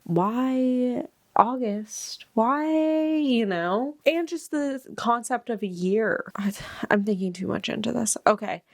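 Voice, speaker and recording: A woman's voice: medium pitch, no room sound, clean studio sound. A young woman chatting casually at home about her reading, rambling, with many fillers and restarts, recorded by a camera set in one place. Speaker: book vlogger. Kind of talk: casual reading vlog chat. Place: at home, seated in one spot.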